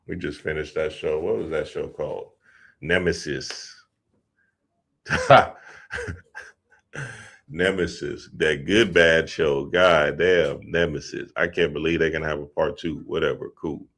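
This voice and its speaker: A man's voice: extremely low pitch, steady tone, a little slow, vocal fry, pauses often, a bit bright. A man hosting a spiritual talk show, mixing teaching with laid-back, laughing, slangy asides.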